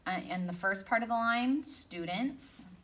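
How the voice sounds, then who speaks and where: Slow, bright-voiced woman teaching children. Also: fairly high pitch. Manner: slow, sing-song teacher voice with drawn-out sounds; animated, with gasps and playful asides. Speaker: elementary school teacher. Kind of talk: remote phonics lesson for young children.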